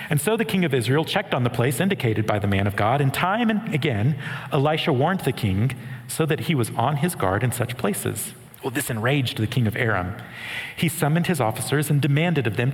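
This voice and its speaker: A man preaches a sermon at a middle pitch, moving between scripture reading and plain explanation. He speaks earnestly and slips in small self-deprecating jokes. His voice carries a long reverb, as if it is filling a large church hall. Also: lively intonation, fairly quick. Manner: earnest, with light humor.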